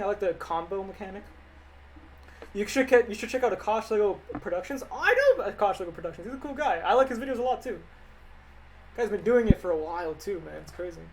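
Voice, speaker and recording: A young male animator chats casually on a livestream, fielding viewer questions in a loose, meandering, jokey manner. His voice is high, and the poor recording carries slight background noise.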